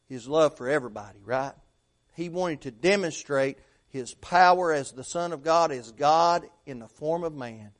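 A middle-aged man preaching a sermon, asking rhetorical questions and swinging between loud emphasis and hushed tones. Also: on the high side, expressive, a little slow.

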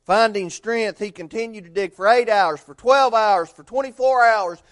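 A man preaching a sermon, telling a story earnestly and swinging between loud and hushed delivery. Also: high voice, normal speed.

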